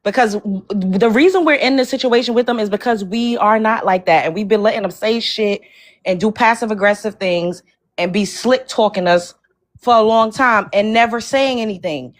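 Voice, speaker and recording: A woman's voice: medium pitch, normal speed. A woman on a livestream panel, talking in a combative, profane, emphatic way. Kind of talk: heated livestream panel talk.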